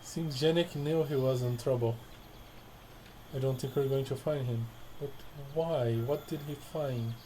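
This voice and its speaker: A man's voice: medium pitch, measured pace, background noise. Man reading game dialogue aloud. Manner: reads dialogue choices aloud, stumbles and repeats lines, wry asides. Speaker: gamer playing through a narrative game. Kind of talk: casual let's-play commentary. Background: game music.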